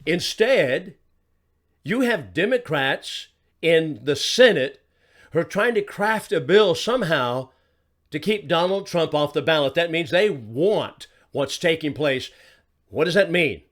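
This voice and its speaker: A man with a fairly high voice delivers a political commentary monologue as its host. He hammers his points with rhetorical questions and repeated phrases. His delivery is emphatic throughout. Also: expressive, unhurried, a bit bright.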